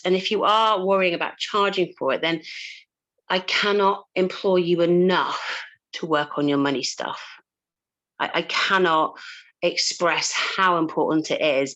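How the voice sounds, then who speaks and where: A woman's voice: lowish voice, fairly bright tone, low-quality recording. A woman coach talking casually to a group, chatty, with frequent laughs and fillers and casual swearing. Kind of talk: casual talk to a live group.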